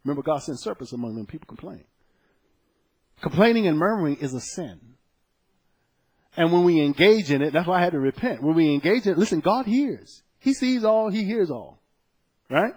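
Husky-voiced man preaching a sermon. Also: a little high, a little fast, long pauses. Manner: conversational, animated storytelling with scripture quotes.

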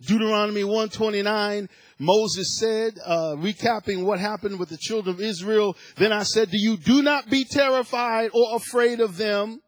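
A man's voice: sits high, fairly even intonation, moderate pace, no echo. A man preaching a sermon to his church, building to emphatic bursts and repeating words as he goes. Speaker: pastor.

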